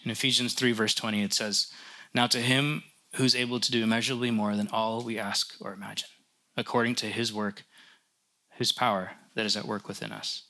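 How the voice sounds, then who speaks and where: A man's voice: fairly low pitch, level tone, a little fast, sharp tone. A man preaching a sermon as a pastor, conversational and lightly joking, often restarting his sentences.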